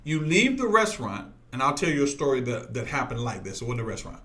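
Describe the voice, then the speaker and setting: A man's voice: medium pitch, big pitch swings, fast talker, a bit bright. A man preaching to his listeners, telling personal stories and repeating his points with emphasis. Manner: emphatic, repetitive, talks straight to listeners. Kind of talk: preaching with storytelling.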